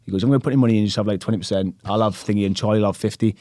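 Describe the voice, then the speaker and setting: A man talks at a rapid clip in a low, dark voice. He spins stories casually on a podcast, acting out the voices of the people in them. The sound is close and dry. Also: no echo. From England. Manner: animated storyteller, acts out other people's lines, swears casually. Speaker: guest.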